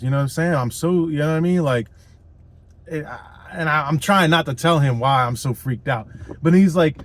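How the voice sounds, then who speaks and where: Man, storytime vlogger, rambling, swears a lot, slightly high voice, faint background noise. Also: brisk, rough recording. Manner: rambling, swearing, many fillers and tags like "you know what I mean". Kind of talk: casual storytime monologue.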